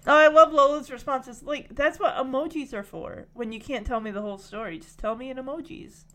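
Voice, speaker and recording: A woman's voice: sits high, fairly even intonation, fairly quick, very noisy. A woman recapping a TV episode in a chatty, gushing way. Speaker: show recap vlogger. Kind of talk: casual recap.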